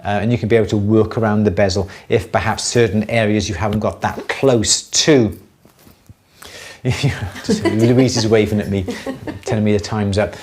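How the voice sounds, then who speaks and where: A middle-aged man hosting a live jewellery Q&A, explaining techniques step by step in a relaxed way, with many fillers and restarts. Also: on the low side, moderate pace. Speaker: jewellery maker answering viewer questions. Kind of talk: live Q&A demonstration.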